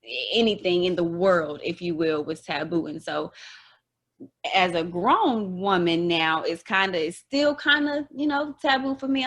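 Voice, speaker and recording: A woman's voice: on the low side, measured pace, fairly bright tone. Hesitant woman podcast host, just thirty. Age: 30s. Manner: hesitant, self-described tongue-tied, many fillers. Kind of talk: casual podcast interview.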